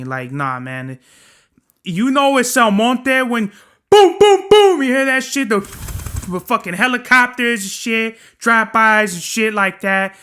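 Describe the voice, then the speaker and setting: Young male podcast host, rambling and profane, bright and crisp tone. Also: high-pitched. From Southern California. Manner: profane, rambling, slangy storytelling. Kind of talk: casual solo podcast monologue.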